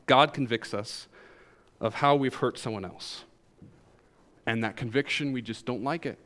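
A man's voice: mid-range voice, a little slow. A male pastor with a Southern US accent preaching a sermon, joking with the congregation. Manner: animated, jokes with the congregation.

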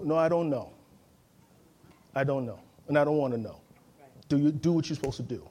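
A man's voice: on the high side, big pitch swings, normal speed, pauses often, warm tone, slightly rough. A man preaching a sermon, emphatic and conversational, calling on the congregation to respond and acting out quoted voices. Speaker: pastor.

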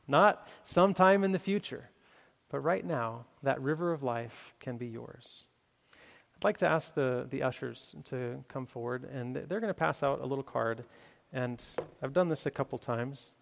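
A man's voice: medium pitch, normal speed, creaky. A man preaching a sermon, telling a story with many fillers and restarts before making his appeal. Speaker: pastor. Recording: long hall reverb.

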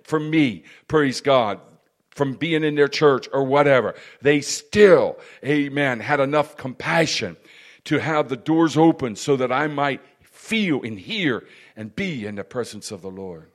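A man's voice: medium pitch, lively intonation, a little slow. A man preaching a sermon, peppering his speech with "praise God" and "amen" and building to fervent emphasis.

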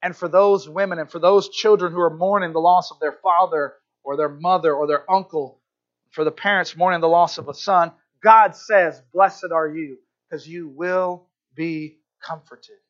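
Brief: male pastor, fairly high voice, conversational sermon delivery, slightly muffled recording. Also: steady tone, moderate pace. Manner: earnest, conversational, frequent "right?" asides.

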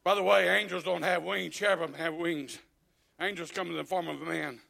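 A man preaching a sermon, folksy and joking, dropping to quiet asides and then shouting exhortations. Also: fairly high pitch, fairly even intonation, fairly quick, creaky.

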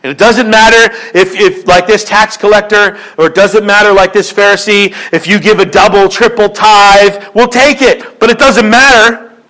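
This male pastor's sermon comes through a rough recording, his bright, forceful voice sitting high for a man, with fairly even intonation and a moderate pace. He drives his points home through repetition and rising emphasis and shifts into quoted voices for a joke.

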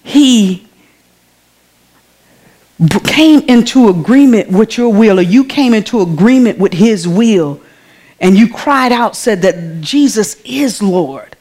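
A woman's voice: a little high, expressive, unhurried, a little mellow. Woman preaching to her congregation. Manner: conversational, calls out to the congregation. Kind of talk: sermon. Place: church.

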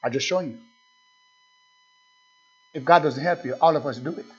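Animated male pastor preaching. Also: a little high, normal speed, breathy edge. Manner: animated, rhetorical questions to the congregation. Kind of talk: sermon. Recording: dull lo-fi recording with faint music.

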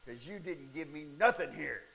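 A middle-aged male pastor telling stories in a sermon, animated and breaking into shouts and laughs at the peaks of a story. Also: a little high, normal speed, creaky, slightly rough. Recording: faint hiss.

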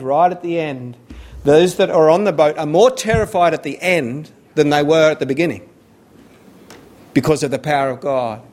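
A man's voice: on the high side, darkish tone, a little hiss or hum. A man preaching a sermon, earnest and repeating phrases for emphasis.

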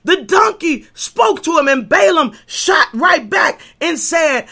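Passionate woman preacher with a bright tone, hushed to shouting. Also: high voice, lively intonation, takes it slowly, vocal fry. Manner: impassioned, swings from hushed to shouting; repeats words and stumbles on fillers. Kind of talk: sermon.

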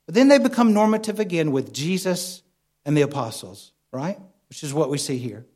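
A man's voice: fairly high pitch, big pitch swings, normal speed, darkish tone. A man preaching a sermon in a conversational way, often asking the congregation questions. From United States. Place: church.

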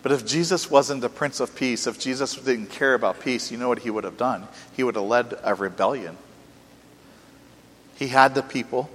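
A man preaching a sermon earnestly, asking rhetorical questions and swinging between soft and emphatic delivery. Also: medium pitch. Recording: long reverb from a hall.

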